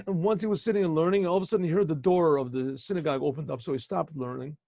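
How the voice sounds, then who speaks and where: A man's voice: a little high, fast talker, vocal fry, mellow, dry recording. A male rabbi telling a story in a chatty, digressive way, checking in with his listeners, on a video call with dull lo-fi audio. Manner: conversational, digressive, asks listeners. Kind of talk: storytelling lesson.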